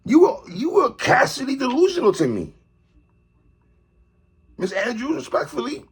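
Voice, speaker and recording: A man delivering an animated opinion commentary monologue, calling out a TV host and repeatedly tacking on "sister, respectfully.". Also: extremely high pitch, normal speed, husky. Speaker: commentary vlogger.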